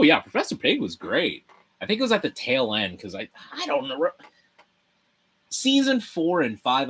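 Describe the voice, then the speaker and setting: A young man hosts a casual livestream, chatting with viewers while he builds a set. He's animated and rambling, swearing freely and laughing often. His voice is medium-pitched with a breathy edge.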